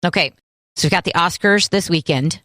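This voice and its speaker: A woman co-hosting a radio show, running through items in a brisk, list-reading way. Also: on the low side, fairly bright tone, dry recording. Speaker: radio co-host. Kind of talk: morning radio show chat.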